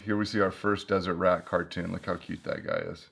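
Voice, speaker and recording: A man's voice: low-pitched, level tone, fairly quick, creaky, fairly bright tone, slight background noise. A man hosting a casual book review video, chatting and joking as he flips through an old guidebook.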